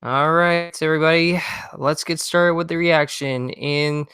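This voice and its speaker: Rambling man with a smooth voice. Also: on the high side, fairly even intonation, a little slow, hardly any pauses, a bit bright, no room sound. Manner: rambling, restarting sentences. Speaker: reaction video host. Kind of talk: casual commentary. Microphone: handheld microphone.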